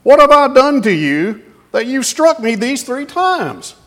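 A man voicing a bewildered, hurt female donkey in a high plaintive voice while retelling a Bible story. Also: big pitch swings, a little slow, a bit bright, exaggerated voice.

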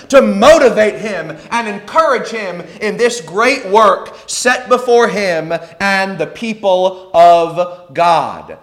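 Bright-voiced man preaching a Bible study. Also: sits high. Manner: earnest, slows down for emphasis. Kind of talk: evening Bible study sermon.

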